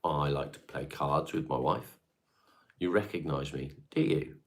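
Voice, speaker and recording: A man's voice: a bass voice, measured pace. A middle-aged man with a Devon English accent, chatting casually and bluntly on a home livestream, swearing freely and answering viewers. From England. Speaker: livestream host reading chat. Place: his home.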